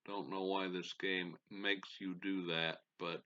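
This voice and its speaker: A man's voice: deep voice, little pitch movement, takes it slowly, bright, forceful tone, dull audio, a little hiss or hum. A middle-aged man hosting a gaming channel, calling a baseball sim game play-by-play and muttering to himself with folksy exclamations.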